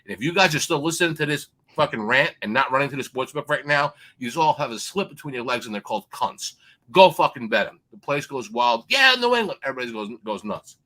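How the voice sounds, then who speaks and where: Loud swearing man telling a rant. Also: medium pitch, quick pace, hardly any pauses. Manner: loud, swearing, acts out quoted people. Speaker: sports betting guest. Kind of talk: profane storytelling rant.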